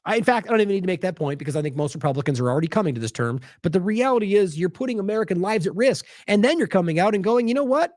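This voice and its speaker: Male commentator, fairly high voice with wide swings, sarcastic, dry close mic. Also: racing, hardly any pauses, dry recording. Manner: animated, sarcastic, mocks quotes in exaggerated voices; talks in bursts with restarts while scrolling sources. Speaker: independent news commentator. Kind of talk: solo news commentary.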